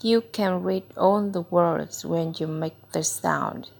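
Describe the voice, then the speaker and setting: Slow gravelly lady reading phonics words one by one for a kid. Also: fairly low pitch, darkish tone. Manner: slow, deliberate word-by-word reading. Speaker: reading tutor. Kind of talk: slow phonics read-aloud for a child.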